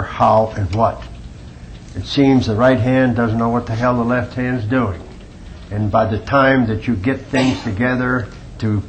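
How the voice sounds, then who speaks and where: A man's voice: medium pitch, slight background noise, low-quality recording. A man from a nonprofit giving a blunt, emphatic public comment at a council meeting.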